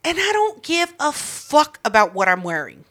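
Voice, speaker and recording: Female comedy co-host, bright and animated, profane and jokey. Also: high voice, normal speed. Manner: profane, laughs often, jokes along. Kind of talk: casual storytelling chat.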